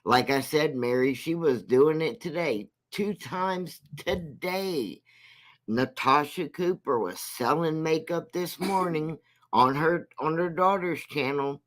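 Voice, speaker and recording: A man hosting a casual livestream, talking slowly and repeating himself for emphasis. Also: fairly high pitch, fairly bright tone. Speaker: livestream host; military veteran.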